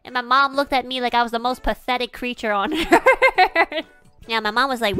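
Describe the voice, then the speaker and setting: A young woman with a smooth, fairly high voice tells a personal story as a streamer. She talks casually and rambles, with lots of fillers. Soft music plays faintly behind her. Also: fast talker. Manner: chatty, rambling with many fillers.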